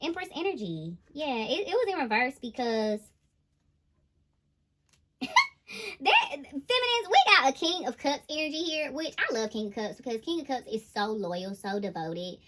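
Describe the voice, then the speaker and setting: A woman with a fairly high voice talks through a tarot spread in a relaxed, chatty way. She laughs often and breaks in with exclamations as she reads each card. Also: moderate pace. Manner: animated, laughing, exclaiming "ooh, child". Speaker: intuitive tarot reader. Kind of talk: casual tarot reading to viewers.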